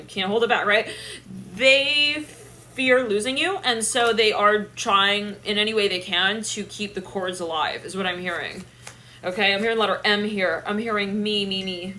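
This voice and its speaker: A young woman giving a live tarot reading, animated and thinking aloud, with bursts of laughter and swearing. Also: medium pitch, slight background noise. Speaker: tarot reader.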